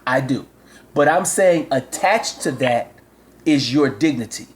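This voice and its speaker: A man's voice: medium pitch, lively intonation, unhurried, slight background noise. A man, a father and show host, rambling through a comic phone call and repeating himself as he lectures.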